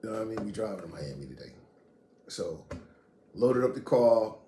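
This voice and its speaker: A man's voice: on the low side, moderate pace. Profane storytelling man from Queens. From Queens, New York. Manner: animated, profane, street slang. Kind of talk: casual storytelling. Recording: echoey room, faint noise.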